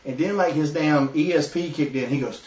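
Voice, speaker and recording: A man's voice: fairly high pitch, moderate pace. Profane Southern man telling stories. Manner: profane, animated storyteller who laughs as he tells it. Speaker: webshow host. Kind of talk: casual storytelling chat. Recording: echoey, lo-fi room mic from a distance.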